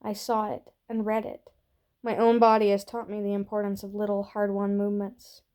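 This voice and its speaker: A woman reading a story aloud in a slow, soft, gentle voice that sometimes drops to a hush. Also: medium pitch, completely flat delivery. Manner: slow, soft and gentle, dropping to hushed whispers. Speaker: reader.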